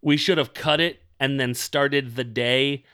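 Bright-voiced chatty man. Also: mid-range voice, steady tone, a little slow, smooth. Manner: chatty, rambling, filler-heavy. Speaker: podcast co-host. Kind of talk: casual chat recapping a TV episode.

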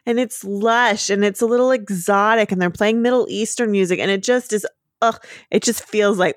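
A woman co-hosting a podcast, recapping a cartoon episode in casual, animated, giggly chat. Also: medium pitch, moderate pace, no room sound, clean studio sound. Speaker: podcast co-host.

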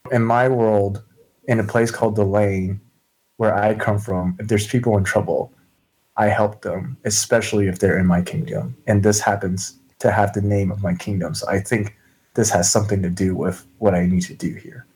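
A man's voice: fairly low pitch, fairly even intonation, moderate pace, darkish tone, lightly acted, low-quality recording. A man voicing an earnest young noblewoman who asks flustered, eager questions. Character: earnest young noblewoman Shauna, determined to help.

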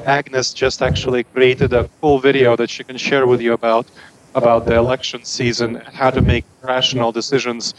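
A man's voice: mid-range voice, muffled recording. Eager man guest, self-correcting. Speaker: guest, author and co-founder. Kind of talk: casual interview talk.

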